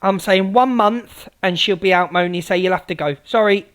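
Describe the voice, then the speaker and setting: A woman's voice: mid-range voice, moderate pace. A woman hosting a live stream, chatting casually, swearing freely and calling out greetings to viewers. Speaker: livestream host.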